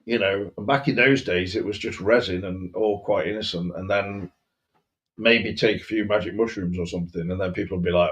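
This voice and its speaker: A man co-hosting a podcast, chatting in a rambling, animated way. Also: low voice, normal speed, lo-fi sound. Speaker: podcast co-host. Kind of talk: casual chat.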